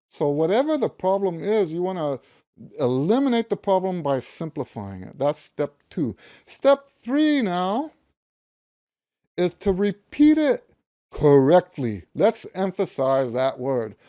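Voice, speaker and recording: A man in his fifties, a music teacher, speaks to camera in a high, mellow voice, teaching a practice method. He is emphatic, stressing and repeating key words and humming note syllables as he explains.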